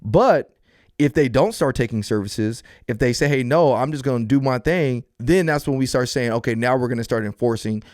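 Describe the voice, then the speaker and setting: A man's voice: mid-range voice, normal speed, no echo, studio quality. Laid-back police officer, man. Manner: laid-back, says bro a lot, animated when telling stories. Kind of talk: casual podcast chat.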